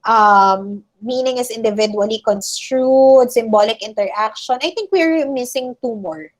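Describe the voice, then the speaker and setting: A woman's voice: a little high, a little slow. A woman teacher with a Filipino accent, giving an online class lecture and often checking in with "okay?" and "all right?". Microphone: video call.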